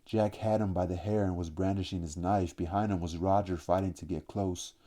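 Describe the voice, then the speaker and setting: Male audiobook reader, low pitch, very dark mellow tone, steady and measured delivery. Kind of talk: audiobook narration.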